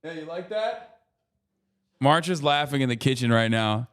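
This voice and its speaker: A man's voice: on the high side, very animated, normal speed, fairly bright tone. A man talking casually as a streamer while reacting to a video, rambling and swearing a lot as he acts out how strangers react to him. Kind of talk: casual profane commentary.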